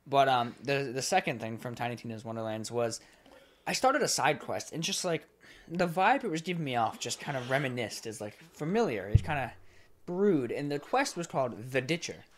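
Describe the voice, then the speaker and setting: Guy cohosting a podcast, swears a lot, gets animated telling stories. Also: medium pitch, normal speed, a little hiss or hum. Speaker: podcast co-host. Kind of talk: casual chat.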